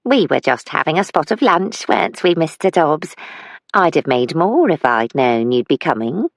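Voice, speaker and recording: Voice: medium pitch, very animated, moderate pace, no echo. A narrator voicing a chatty woman housekeeper who fusses over her guests in an audiobook. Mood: fussing. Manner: chatty, fussing. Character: fussing woman housekeeper, eager to please. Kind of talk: audiobook character voice.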